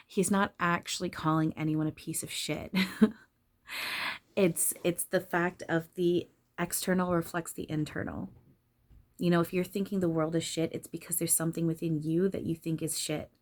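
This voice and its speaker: A woman's voice: lowish voice, level tone, normal speed. A woman channeler talking casually and candidly about spirituality, swearing freely and laughing often.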